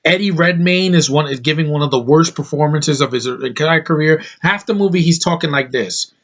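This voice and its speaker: A man's voice: on the high side, fairly quick, fairly bright tone. A young man giving a blunt, profane movie review, full of restarts and fillers. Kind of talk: casual ranting review.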